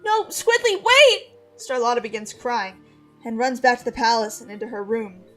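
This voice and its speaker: A woman reading her old fantasy novel aloud on a livestream, animated, with casual asides. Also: on the high side, a little fast, soft background music.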